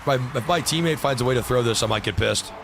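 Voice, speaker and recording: A man's voice: mid-range voice, fast talker, vocal fry, background noise. A young man streaming a game live, ranting with frustration and plenty of swearing as he talks to chat.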